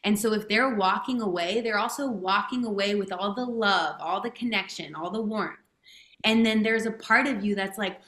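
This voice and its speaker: Bright-voiced woman coach, echoey room. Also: mid-range voice, moderate pace. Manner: casual, emphatic, swears freely. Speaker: guest, transformational coach. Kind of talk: podcast interview chat.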